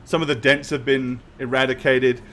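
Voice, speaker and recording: A man narrating as game master, describing scenes with hesitant pauses and restarts. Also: mid-range voice, flat delivery, bright, forceful tone, a little hiss or hum.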